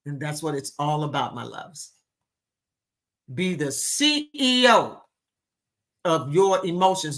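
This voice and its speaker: Woman, live talk-show host, slow emphatic delivery, affectionate, bright voice. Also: sits low, big pitch swings. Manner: affectionate, calls listeners baby and honey.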